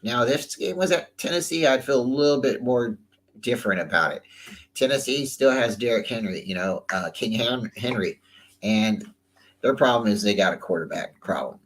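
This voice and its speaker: Man, lowish voice, casual football picks host, rambling and chatty. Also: moderate pace, rough recording. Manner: loose and chatty, repeats words, trails off. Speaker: sports talk host. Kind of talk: casual sports commentary.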